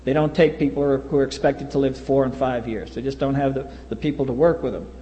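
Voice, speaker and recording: A man's voice: mid-range voice, fairly even intonation, fast talker, dark tone, dull audio. A man, telling a blunt, wry personal story at a recovery meeting. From US East Coast. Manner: wry, blunt, acts out quoted voices. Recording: reverberant hall.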